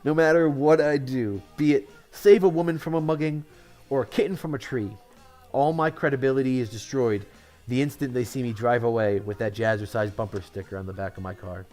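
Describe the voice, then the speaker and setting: A man's voice: medium pitch, fairly even intonation, a little fast, a little mellow, soft background music. A man from Connecticut telling one-liner jokes, chuckling at his own punchlines and commenting offhandedly on them. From Connecticut, USA. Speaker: comedian.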